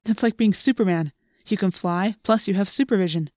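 A woman's voice: medium pitch, fairly quick, darkish tone, dry recording, clean studio sound, lightly acted. A woman voicing an earnest teenage boy who talks eagerly about flying, read as part of an audiobook. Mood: excited. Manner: enthusiastic, earnest. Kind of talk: audiobook reading.

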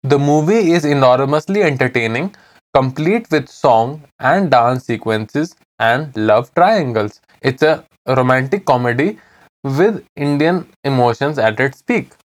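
A man co-presenting a scripted language lesson at a medium pitch. He reads each phrase carefully, then says it again slowly, word by word. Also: expressive. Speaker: language teacher co-host.

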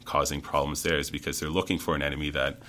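Canadian guy, super low voice but bright and punchy, chatty storytelling, keeps saying right?. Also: little pitch movement, quick pace. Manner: thoughtful, often ends points with "right?". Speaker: interview guest. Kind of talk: conversational storytelling.

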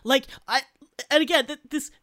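A woman with an Australian accent co-hosting a comedy podcast, chatting casually in an exasperated, incredulous way with halting restarts. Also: high-pitched, a bit bright. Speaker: podcast co-host.

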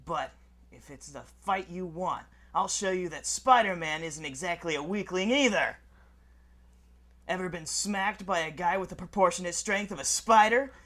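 A man's voice: high-pitched, normal speed, a bit bright. A man reading a cocky young superhero. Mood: taunting. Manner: quippy, taunting read. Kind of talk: mock audition reading.

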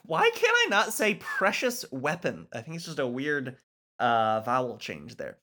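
A man's voice: mid-range voice, wildly swooping pitch, a little slow, sharp tone. A man co-hosting a podcast, chatting casually and jokily through a video game recap. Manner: jokey, laughs often. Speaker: podcast co-host.

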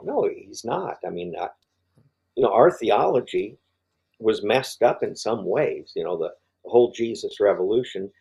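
A man's voice: on the low side, animated, normal speed, a little mellow, husky, rough recording. An older man as an interview guest, talking through his faith story, rambling with many fillers and restarts. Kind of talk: podcast interview conversation.

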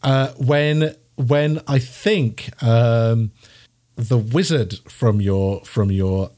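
A man's voice: mid-range voice, extremely slow, dark tone. A man narrating as game master of a tabletop game, rambling with many restarts and laughing along.

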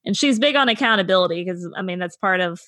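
A woman's voice: medium pitch, expressive, fast talker, a bit bright, no echo. A young woman co-hosting a podcast, giving thoughtful casual commentary with plenty of "I mean" and "like". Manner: thoughtful, reflective commentary with hedging fillers. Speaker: podcast co-host. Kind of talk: casual chat.

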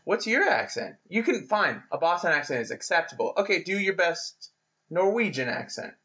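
A man's voice: high-pitched, big pitch swings, moderate pace, pushed and bright. A young American man with an American accent, co-hosting a casual podcast chat in a playful, teasing way. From United States. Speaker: podcast co-host. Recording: dull lo-fi sound.

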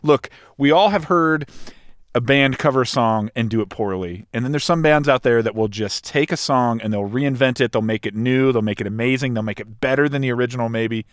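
A man hosting a podcast who introduces the topics in upbeat casual chat and reacts with quick laughs. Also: medium pitch, dry recording, studio quality. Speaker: podcast host.

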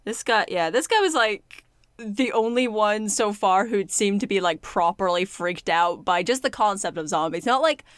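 A woman's voice: medium pitch, normal speed, no echo, studio quality. A woman co-hosting a casual podcast, recapping a show with lots of laughter and casual swearing. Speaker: podcast co-host.

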